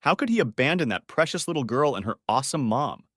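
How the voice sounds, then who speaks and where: A man's voice: medium pitch, big pitch swings, fast talker, a bit bright, dry recording, clean studio sound. A man narrating a first-person story audiobook in a wry, conversational way.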